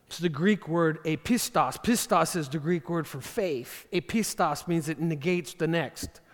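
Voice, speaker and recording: A man preaching a sermon as pastor, animated and acting out the voices of the figures he quotes. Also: sits high. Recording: long hall reverb.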